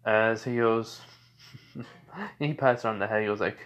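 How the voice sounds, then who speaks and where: A man's voice: lowish voice, measured pace, pauses often, a bit bright. A young man improvising a fan-fiction story, rambling with many fillers and restarts.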